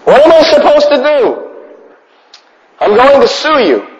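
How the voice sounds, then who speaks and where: A man voicing a fretful, overprotective parent who complains in a high, panicky voice. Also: wildly swooping pitch, a little slow, full character voice. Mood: indignant fretting. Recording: echoey hall, dull lo-fi sound.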